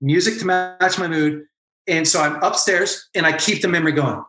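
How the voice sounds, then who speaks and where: Earnest bright-voiced man, echoey room. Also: on the high side. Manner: earnest, emotional storytelling with quick bursts. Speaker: podcast guest, former pastor. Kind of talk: candid podcast conversation.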